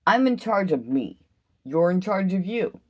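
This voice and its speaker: A woman giving an impassioned solo vlog rant, emphatic and profane, swinging from loud outbursts to low, slow musing. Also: animated. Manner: intense, emphatic, heavy swearing. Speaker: vlogger.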